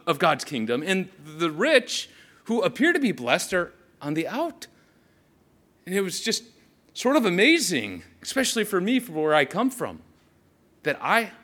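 A man as an earnest, awestruck young disciple recounting what he saw, in a first-person sermon monologue. His voice sits at an ordinary pitch but swings widely and expressively as he tells it. He talks straight to the listeners, as if they were beside him on the road. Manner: animated storytelling, speaks straight to the listeners. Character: earnest young male follower of Jesus, awestruck. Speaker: preacher in character.

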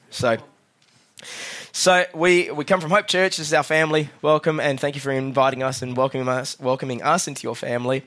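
A young man giving a sermon as a guest preacher, telling his own story quietly and then rallying the congregation loudly. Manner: drops soft and low for the story, then loud and rousing with the crowd. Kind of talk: sermon with personal testimony. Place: church hall.

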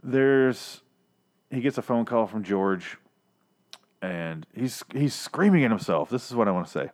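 Low-voiced man rambling casually. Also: animated, unhurried, a little mellow. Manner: rambling, profane, many restarts. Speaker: podcast host reviewing a TV episode. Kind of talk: casual review chat.

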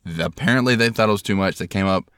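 A man's voice: fairly low pitch, fast, a bit bright, clear, resonant tone, no room sound, clean studio sound. A man hosting a podcast, telling rambling, self-deprecating stories in casual chat. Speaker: podcast host.

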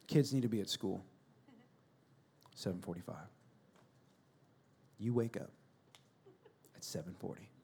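A pastor giving a sermon in a church, swinging between loud shouted storytelling and quiet, earnest asides. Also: male voice, lowish voice, a little slow, creaky, pauses often, slight background noise.

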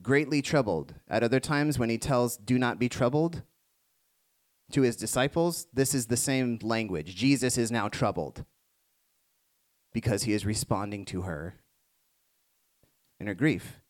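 Man preaching a reflective sermon. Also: mid-range voice. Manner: shifts between hushed reflective passages and rising emphatic ones. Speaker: pastor.

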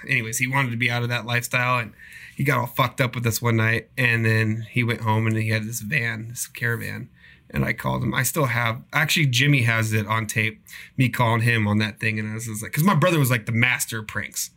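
A man's voice: mid-range voice, fairly even intonation, fairly quick, creaky, bright, forceful tone. A man in his thirties co-hosting a podcast, telling crude, rambling stories and swearing freely. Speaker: podcast co-host. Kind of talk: casual chat. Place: room with window open.

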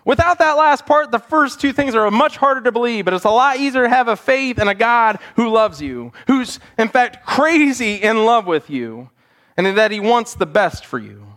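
Pastor, male, higher register, earnest sermon delivery, animated storyteller. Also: moderate pace. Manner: earnest, acts out quotes animatedly. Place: church sanctuary.

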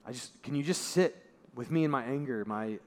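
A male pastor giving a sermon in a conversational way, dropping his voice low and soft for emphasis. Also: fairly quick. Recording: long reverb of a large hall.

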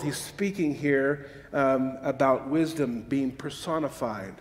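A man's voice: medium pitch, slow pace. A man preaching a sermon, emphatic, repeating words and tossing asides to his listeners. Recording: long hall reverb.

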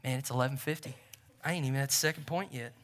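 A man's voice: mid-range voice, fast, fairly bright tone, slight background noise. A man preaching a sermon as pastor, in a conversational style that repeats phrases for emphasis.

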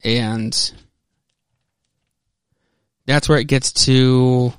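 A man's voice: medium pitch, fairly even intonation, drawn-out words, smooth, no room sound, studio quality. A man hosting a podcast, loosely retelling a comic's story in a casual, rambling way with frequent fillers and restarts. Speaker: podcast host. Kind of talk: casual comic book recap.

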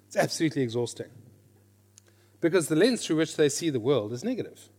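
A man's voice: fairly high pitch, brisk. Middle-aged man teaching a Bible class. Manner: lively, questions the audience, repeats key phrases. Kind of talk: teaching a class on reading scripture.

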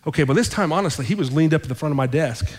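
A male pastor telling a story in his sermon, conversational and animated, repeating his phrases for effect. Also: on the high side, very fast, in a large hall. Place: church sanctuary.

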